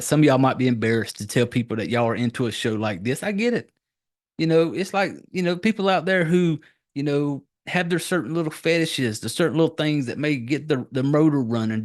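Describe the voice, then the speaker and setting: A man hosting a podcast, talking in a crude, profane, rambling way with lots of fillers and restarts. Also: mid-range voice. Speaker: podcast host. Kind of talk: casual rambling podcast monologue.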